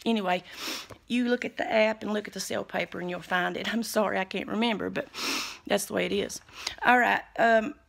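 A woman's voice: medium pitch, steady tone, fairly quick, creaky, fairly bright tone. A woman talking casually to camera as a vlogger, in a homey, chatty and devout way, recorded on a handheld phone camera. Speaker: vlogger sharing store deals.

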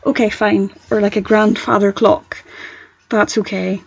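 Northern Irish woman podcast co-host, breathy mid-pitched voice, chatty and animated, muffled sound. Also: unhurried, no echo. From Northern Ireland. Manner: rambling, animated storyteller. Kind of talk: casual chat.

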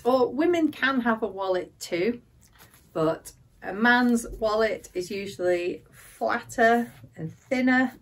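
A middle-aged Englishwoman teaches vocabulary to camera at an unhurried pace. Her English accent is clear, and she lifts her voice on key words. The mic sits a little way off, so she sounds slightly distant. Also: mid-range voice. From England. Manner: slow, careful explanations with lively rises on key words.

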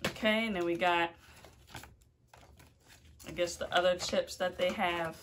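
A woman YouTuber hosting a casual food challenge vlog, talking nervously and exclaiming loudly. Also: fairly low pitch, takes it slowly, long pauses, a little hiss or hum.

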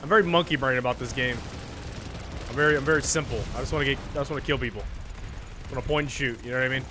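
A man streaming a shooter game, chatting casually and jokingly, with sudden excited outbursts. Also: mid-range voice, quick pace, noisy background. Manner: excitable, joking, bursts into shouts. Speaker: gaming streamer. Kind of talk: casual gameplay commentary.

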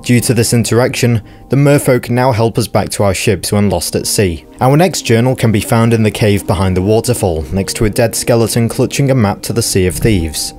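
Brief: lore narrator, man, low voice, dry jokes, soft music under him. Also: fairly quick, hardly any pauses. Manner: wry, joking asides. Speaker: video game lore narrator. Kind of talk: casual scripted narration.

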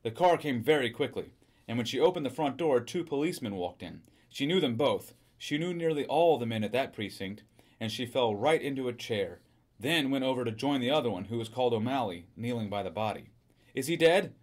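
A man reads a short story aloud at a middle pitch, keeping the narration steady and even. He is the reader.

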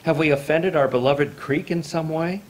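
A man cries out as frightened villagers in a folk tale, desperate and pleading. His voice jumps well above his telling voice and gets louder. The cries are urgent. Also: on the high side, normal speed, a little hiss or hum, pitched above the performer's own voice, lightly acted. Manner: alarmed, pleading.

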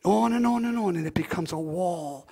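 A male pastor preaching a sermon, swinging from hushed, near-whispered passages to loud, impassioned declarations. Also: high voice, moderate pace, gravelly, husky.

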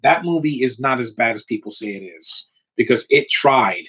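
Thirties man, husky voice, casual opinionated vlogger, swears often, mid pitch. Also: animated, moderate pace, a bit bright. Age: 30s. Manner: opinionated, frequent mild swearing, rambling asides. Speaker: collector showing his items. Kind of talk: casual ranting vlog.

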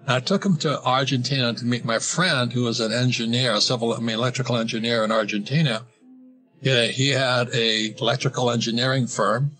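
Older male interview guest, bright tone, rambling storyteller with restarts, soft music under. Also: medium pitch, steady tone, brisk. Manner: rambling, restarts and laughs while telling anecdotes. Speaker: guest, financial author. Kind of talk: casual interview talk.

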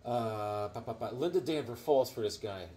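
The host, a middle-aged comic book collector, talks at normal speed in a mid-range voice. In his casual vlog he jokes and rambles while displaying comics and telling stories, lively and putting on voices.

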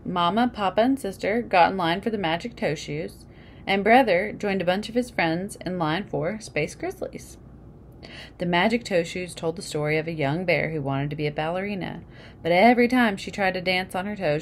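Female storybook reader, lower voice, relaxed page-by-page asides, faint hiss behind. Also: moderate pace. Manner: casual asides explaining the pictures. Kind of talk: reading a picture book aloud.

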